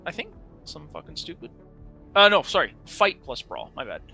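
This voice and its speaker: A man's voice: fairly high pitch, huge pitch swings, moderate pace, vocal fry, bright, forceful tone, breathy edge, faint music behind. A man running a tabletop game as game master, narrating casually with frequent swearing and hesitations.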